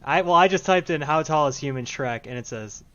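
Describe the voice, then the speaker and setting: A man's voice: fairly high pitch, brisk. Male podcast guest, dry laid-back humor, lo-fi noisy call audio. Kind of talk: casual chat.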